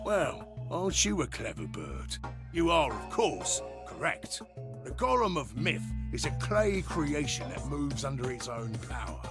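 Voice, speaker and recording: An actor playing a gruff male robot golem in a video game, speaking in a rough Cockney accent full of chummy slang. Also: mid-range voice, very animated, measured pace, over music.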